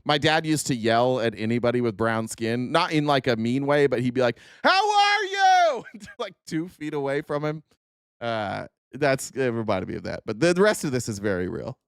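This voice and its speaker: A man's voice: medium pitch, clear, resonant tone, no echo, clean studio sound. A man hosting a podcast, giving sarcastic, mocking political commentary on video clips. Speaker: podcast host.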